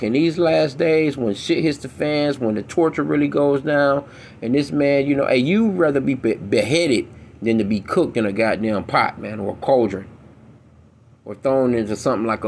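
Gravelly-voiced man preaching bluntly. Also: mid-range voice, a little mellow, a little hiss or hum. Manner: blunt, profane, emphatic street talk; slow, deliberate reading of old scripture. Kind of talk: reading scripture aloud and commenting.

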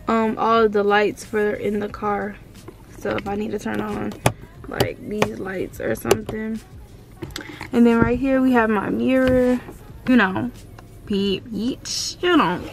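A woman's voice: on the high side, gravelly. Bubbly young woman vlogging from her car. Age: around 19. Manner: excitable and chatty, full of fillers like "like" and "um". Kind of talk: casual car tour vlog.

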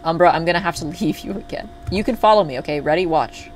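A man's voice: fairly high pitch, quick pace, a little hiss or hum. A man streaming a video game, chatting casually to his viewers and swearing freely when things go wrong. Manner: chatty, talks to chat, swears when upset.

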